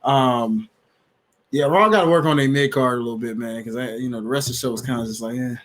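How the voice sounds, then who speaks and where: A man's voice: mid-range voice, fast. A man co-hosting a casual wrestling chat podcast, telling stories animatedly and laughing as he acts out quotes. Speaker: podcast co-host.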